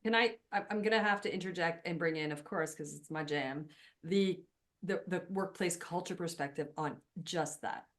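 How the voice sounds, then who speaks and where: A woman whose first language is French, hosting a podcast conversation, talking fast and emphatically. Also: fairly low pitch. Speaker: podcast host. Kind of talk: casual conversation.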